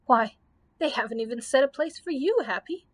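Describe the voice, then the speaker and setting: A woman voicing a kind, fussy male Scarecrow emperor with an animated, exclaiming delivery. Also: sits high, normal speed. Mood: cheerful.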